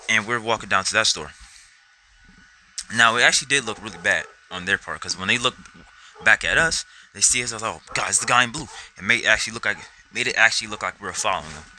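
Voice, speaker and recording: A man's voice: on the low side, a little fast, sharp tone, a little hiss or hum, low-quality recording. A young man telling a rambling personal story to camera, swearing constantly and acting out his own reactions. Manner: rambling, heavy swearing, acts out quotes. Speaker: vlogger.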